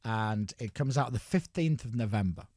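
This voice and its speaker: A man's voice: fairly low pitch, normal speed, dry recording, studio quality. A man hosting breakfast radio chat, telling stories and acting out the voices he quotes. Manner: animated storyteller, acts out quoted voices. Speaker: radio host. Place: radio studio. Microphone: studio mic.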